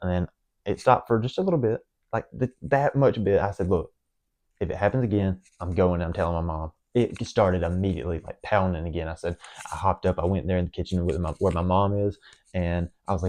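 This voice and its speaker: A man's voice: sits low, steady tone, brisk, darkish tone. Earnest young man confessing. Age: young adult. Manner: rambling, earnest, frequent fillers and restarts. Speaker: vlogger. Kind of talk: emotional personal confession to camera.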